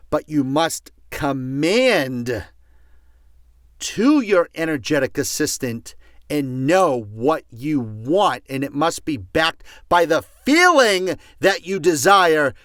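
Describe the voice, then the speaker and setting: A man's voice: fairly high pitch, no echo, studio quality. A man teaching a motivational audio course, passionate and emphatic, repeating key words for force. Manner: passionate, emphatic repetition, gets loud. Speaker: self-help speaker.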